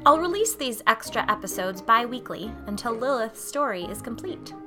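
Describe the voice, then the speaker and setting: A woman podcast host narrating a spooky story in a measured, wry storytelling manner. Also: a little high, big pitch swings, over music.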